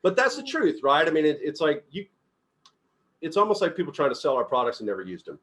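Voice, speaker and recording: A middle-aged man leading a casual group book discussion as company CEO, telling stories with lots of laughter and loudly acting out quotes. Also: a little high, fast talker. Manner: animated storyteller, laughs often, acts out quotes loudly.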